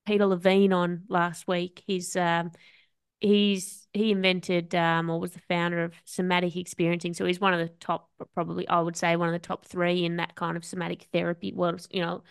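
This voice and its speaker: A woman's voice: on the low side, monotone, normal speed, creaky, smooth. A woman with an Australian accent, hosting a podcast and chatting reflectively, thinking aloud. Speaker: podcast host. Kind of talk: casual conversation.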